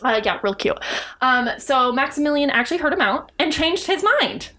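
Animated, lively woman podcaster. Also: high voice, moderate pace, slight background noise. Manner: animated, swearing, laughing often. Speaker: podcast co-host telling the story. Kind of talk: casual storytelling chat.

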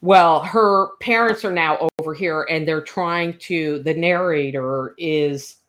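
A woman chats as a podcast co-host, her voice sitting low. She tells her stories in an animated, gushing rush. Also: slow pace. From New York. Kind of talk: casual chat.

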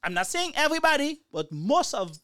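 A man's voice: very high-pitched, brisk, no echo, clean studio sound. A man in his thirties co-hosting a casual chat, telling a long story and acting out the quotes. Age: 30s. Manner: animated storyteller, acts out quotes. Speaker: podcast co-host.

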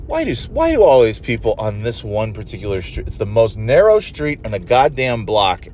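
A man's voice: mid-range voice, sing-song, a little fast, few pauses, darkish tone, a little hiss or hum. A man hosting his own show, ranting in a profane, exasperated, rambling way while sitting in a car. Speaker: podcast host. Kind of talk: solo rambling rant.

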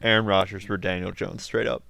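Guy cohosting a sports pod, smooth clear voice, dry jokey banter. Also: deep voice, steady tone, brisk, sharp tone, dry recording, rough recording. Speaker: podcast co-host. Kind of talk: casual sports chat.

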